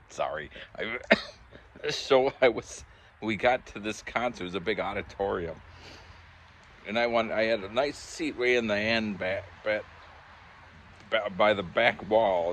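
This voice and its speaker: A man with a very low, deep voice talks easygoingly to a camera he holds in his own hand. He rambles at a relaxed pace, chuckles, and corrects himself as he goes. A soft hum of ambience sits faintly underneath. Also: moderate pace, pauses often. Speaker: pipe-smoking vlogger. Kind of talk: casual fireside chat to camera. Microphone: handheld camera.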